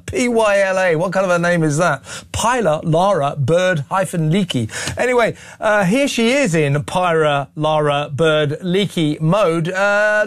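A man's voice: a little high, no echo. A man hosting a talk show and mocking his subject with sarcastic commentary. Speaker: host.

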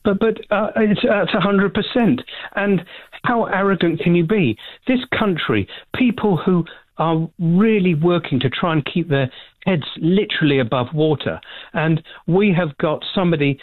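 An indignant male caller from England rails down the line, stumbling and repeating himself. The sound is tinny and dry, like a phone call. His voice sits a little high for a man. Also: moderate pace, no room sound. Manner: indignant, stumbling over words. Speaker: radio caller.

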